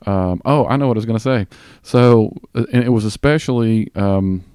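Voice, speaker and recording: A man with a Southern US accent hosting a podcast in casual chat, rambling with fillers and restarts and talking a bit fast. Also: fairly low pitch, dark tone, clear, resonant tone, no echo, studio quality. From Southern US (Tennessee). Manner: talks a bit fast on mic. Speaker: podcast host.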